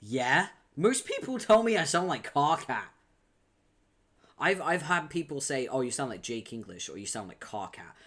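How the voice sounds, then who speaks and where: A man streaming at his desk mic, reading a webcomic aloud and breaking off to chat with his viewers. His talk is loose and casual, full of quick laughs and offhand swearing. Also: mid-range voice, sing-song, fairly bright tone. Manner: laughs often, swears casually, chatty asides.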